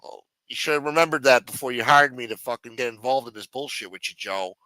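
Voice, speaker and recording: A man's voice: medium pitch, fast, bright, forceful tone, no room sound, lightly acted. A man putting on the voice of a whiny young man who has just been jailed and threatens to snitch. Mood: pleading. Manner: whining, pleading, sarcastic.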